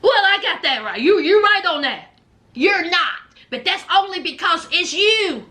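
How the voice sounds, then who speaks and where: A woman's voice: extremely high pitch, animated, measured pace, bright, forceful tone. A woman giving a blunt, sassy reaction recap of a reality show, scolding the people on it. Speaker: reality TV commentator.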